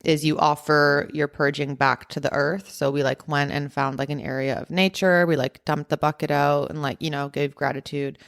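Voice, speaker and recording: Low-voiced woman telling a story. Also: flat delivery, moderate pace, vocal fry, hardly any pauses. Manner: chatty, heavy use of "like" and "um" fillers. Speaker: podcast host. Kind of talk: casual personal storytelling.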